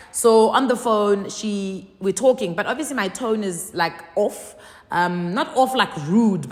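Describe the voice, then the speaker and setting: A South African woman talking to camera as a content creator, telling stories with lively swings and acting out both sides of phone calls. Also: medium pitch, in a large hall. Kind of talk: casual vlog talk.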